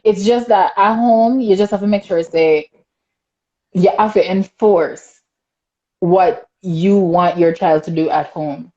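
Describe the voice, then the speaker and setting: A woman's voice: on the low side, takes it slowly, lo-fi sound. A young adult woman with a Jamaican accent, hosting a casual talk show and reading viewer comments with lots of laughter. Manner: laughs often, animated and chatty. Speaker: podcast host.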